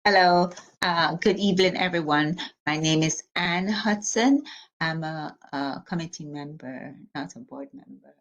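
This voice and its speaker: A woman's voice: sits low, a little slow. A woman who is a committee member greets everyone courteously on a call, with dull, muffled sound. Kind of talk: self-introduction in an online meeting.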